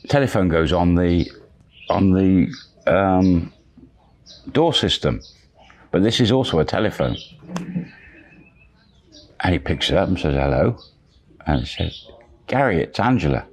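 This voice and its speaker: A man with a very deep, low voice relating a long personal tale in a loose, conversational way. He rambles along, stacking "he says" and "she says" as he goes. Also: measured pace, long pauses, a little mellow. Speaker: channel storyteller. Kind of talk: casual spoken storytelling.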